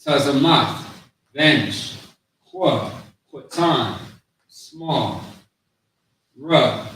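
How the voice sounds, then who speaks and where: A man teaching a language class, slowly repeating each word and its meaning, in an informal way with many fillers. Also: medium pitch, expressive, fairly bright tone, a little hiss or hum. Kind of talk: classroom lesson. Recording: very echoey room, distant mic, faint ambience.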